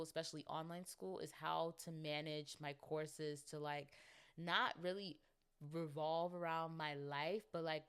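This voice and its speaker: A woman's voice: low voice, clear, resonant tone. A young woman hosting a podcast, chatting casually and rambling with lots of fillers while she talks straight to her listeners. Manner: addresses listeners directly. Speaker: podcast host. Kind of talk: casual chat.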